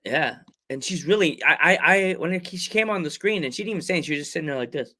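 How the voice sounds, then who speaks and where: An excitable man hosts a casual podcast chat. His voice sits a little high, and he tells stories with energy, acting out the shouts and cries of other people. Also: fast. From Long Island, New York. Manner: excitable storyteller, acts out quotes with loud cries. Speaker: podcast host.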